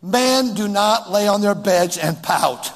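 A man's voice: high voice, lively intonation, slow pace, in a large hall. A male preacher delivering a sermon, emphatic and repetitive, reading scripture and scolding his listeners.

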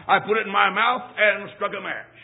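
Guy preaching in church, pretty high voice, goes from shouting to quiet, tinny phone-like recording. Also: steady tone, normal speed. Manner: dramatic, swings between shouting and hushed asides. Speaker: traveling evangelist. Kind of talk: sermon with humorous personal story. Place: church service.

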